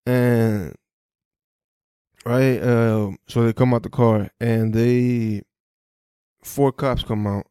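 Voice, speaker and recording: Young guy on his podcast, mellow low voice, cussing a lot, dry close mic, keeps restarting his sentences. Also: smooth, no echo. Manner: profane, street slang, frequent restarts. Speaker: podcast host. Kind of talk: casual first-person storytelling.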